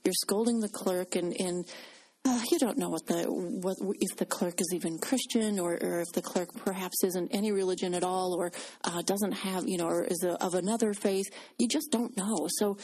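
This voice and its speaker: A woman's voice: on the low side, steady tone, normal speed, dark tone. A woman co-hosting a Christian radio talk show, chatty, with many fillers and restarts. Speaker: radio co-host. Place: radio studio.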